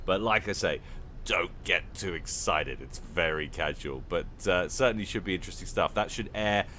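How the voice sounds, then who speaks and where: A man's voice: low-pitched, moderate pace, pushed and bright, slight background noise. A man, casting a strategy game replay in a chatty, rambling, self-deprecating way. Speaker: game caster. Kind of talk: casual game commentary.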